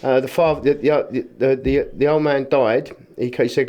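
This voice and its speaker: A man's voice: mid-range voice, fairly even intonation, brisk, warm tone, highs cut off. Chatty man telling job stories. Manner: chatty storyteller, acts out what people said; plain, informal speech. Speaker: guest, rubbish clearance business owner. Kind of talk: casual podcast chat.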